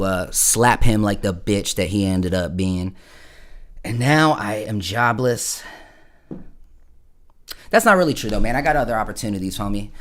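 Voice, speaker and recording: Profane, rambling man on a livestream. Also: lowish voice. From Florida. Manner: rambling, profane storytelling, full of "bro". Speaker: musician streaming live. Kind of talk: casual livestream chat.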